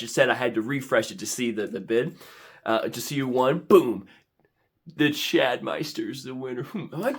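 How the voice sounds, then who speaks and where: A young man telling an animated vlog story, excitable and prone to sudden dramatic squeals and shouts. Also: medium pitch, moderate pace, husky. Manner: excitable, with big dramatic squeals and shouts when quoting himself. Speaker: vlogger.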